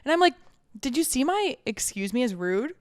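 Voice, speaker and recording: A woman in her twenties chats on a podcast in a smooth, clear voice that sits a little high. She tells her story with energy, swears often, and slips into the voices of the people she is quoting. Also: normal speed. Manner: animated storytelling, heavy swearing, acts out quotes. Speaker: podcast co-host. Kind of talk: casual chat.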